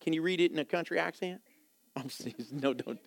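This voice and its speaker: A man teaching a Bible lesson from slides in sermon style, animated, self-deprecating and often laughing. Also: fairly high pitch, fairly quick, gravelly.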